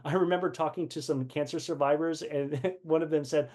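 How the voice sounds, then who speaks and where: Earnest male leadership teacher, slightly high-pitched, animated storyteller. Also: a little fast, few pauses. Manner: earnest, repeats words, acts out quoted dialogue. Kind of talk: personal teaching talk.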